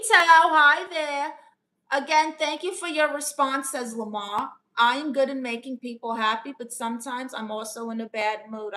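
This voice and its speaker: A woman with a New York accent, her voice bright and forceful and pitched a little high. She chats on a live stream, reading out viewers' comments and answering each one in a playful auntie manner, calling people honey. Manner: chatty, calls viewers honey, playful aunt persona. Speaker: live streamer giving advice.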